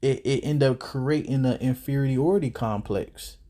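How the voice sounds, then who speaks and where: A man's voice: mid-range voice, normal speed, dark tone. Out of breath guy reacting to a clip, preachy, reads bible verses, street talk. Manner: preachy, quotes scripture at length. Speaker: scripture commentator reacting to a clip. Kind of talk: religious reaction commentary.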